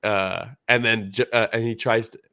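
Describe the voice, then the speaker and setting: A man's voice: on the low side, steady tone, normal speed, pushed and bright, clear, resonant tone, no room sound, studio quality. A man co-hosting a podcast, chatting casually about a fight in a rambling way, full of fillers. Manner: rambling, full of "like" fillers, laughs while retelling. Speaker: podcast co-host. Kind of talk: casual fight analysis chat.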